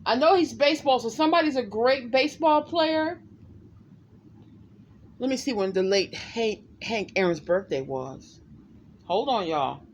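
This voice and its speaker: A woman's voice: fairly high pitch, a little slow, long pauses, a little hiss or hum. A woman psychic reader talking casually and emphatically to her viewers in a vlog, often addressing them directly. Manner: emphatic, animated, talks to viewers as "y'all".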